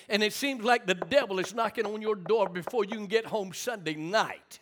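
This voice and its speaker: A man's voice: sits high, normal speed, a bit bright, slight background noise. A middle-aged man preaching a sermon, telling stories and calling for amens from the congregation. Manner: call-and-response preaching, storytelling. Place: church sanctuary.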